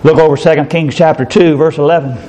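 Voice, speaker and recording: A preacher in full sermon, his voice high and ringing for a man. He shouts his big moments and then drops low and quiet to talk straight to the congregation. Faint church ambience hangs behind him. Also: fairly even intonation, quick pace, a little hiss or hum, poor audio. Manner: swings between shouted high-pitched climaxes and low, quiet asides.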